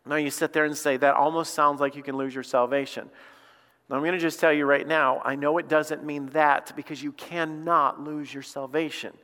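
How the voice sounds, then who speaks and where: A man's voice: fairly high pitch, little pitch movement, normal speed, pushed and bright. A male pastor preaching a sermon with emphatic, impassioned delivery and frequent repeated words. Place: church. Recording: long hall reverb.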